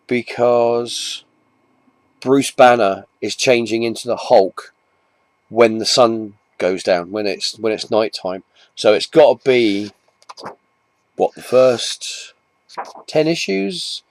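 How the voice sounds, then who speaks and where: A comic collector vlogger from England chats casually to camera in a mid-range, darkish voice recorded without echo. His talk rambles, with frequent restarts and self-mocking asides.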